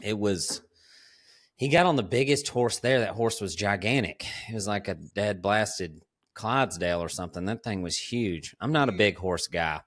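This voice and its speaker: A man, hosting a podcast and telling ranch stories in a relaxed, drawling way, laughing often. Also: on the low side, normal speed. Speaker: podcast host. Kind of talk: casual storytelling chat.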